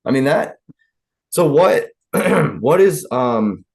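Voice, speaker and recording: A man's voice: medium pitch, big pitch swings, slow. A man with a Southern US accent hosting a podcast, talking casually and chattily, wandering between thoughts and cutting himself off. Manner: rambling, self-interrupting, chatty. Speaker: podcast host.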